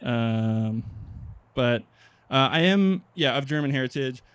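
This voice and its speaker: A young man from Nebraska doing a stand-up comedy set, deadpan and hesitant, with many pauses and ums. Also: mid-range voice, smooth, dry recording. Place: outdoor park stage.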